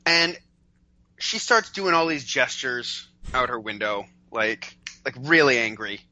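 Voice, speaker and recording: Animated, bright-voiced podcast co-host man. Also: mid-range voice, a little slow, lo-fi sound. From Canada. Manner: animated storyteller, acts out shouted quotes. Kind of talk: casual podcast chat.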